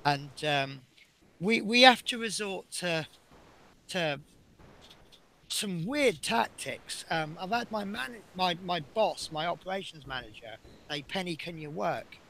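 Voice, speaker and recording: A man's voice: high voice, sing-song, takes it slowly, gravelly, bright, forceful tone. A middle-aged man, a bus driver, chatting casually and telling rambling work stories with frequent chuckles while building a model. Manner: rambling and anecdotal, chuckling often.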